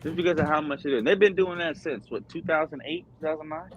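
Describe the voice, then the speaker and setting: A man's voice: on the high side, fast, lo-fi sound, a little hiss or hum. A man hosting a pop-culture stream, rambling in casual chat with lots of fillers and crude slang over an online voice chat.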